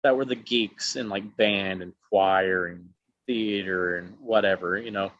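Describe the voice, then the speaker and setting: A man's voice: sits low, unhurried, dry recording. A middle-aged man from Alabama, an actor telling stories in a casual interview and acting out the people he quotes. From Alabama, USA. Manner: animated, acts out quotes with many voices. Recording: dull dry lo-fi sound.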